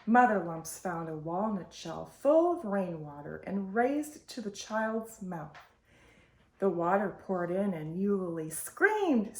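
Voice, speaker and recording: A woman hosting storytime, reading a picture book aloud in a slow, expressive way. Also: mid-range voice. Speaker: storytime host. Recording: roomy echo.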